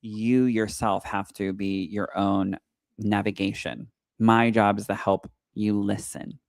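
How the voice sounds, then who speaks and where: A young adult man hosting a casual podcast chat, animated and telling stories by acting out quoted lines. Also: lowish voice, takes it slowly, creaky, dry recording. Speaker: psychic medium and podcast co-host.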